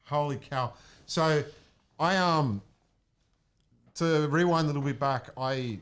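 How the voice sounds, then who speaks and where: A young man from Australia, telling an excited story in a casual chat and acting out what people said. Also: a little high, slow, clean tone. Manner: excited, animated, acts out quotes. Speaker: guest, music producer.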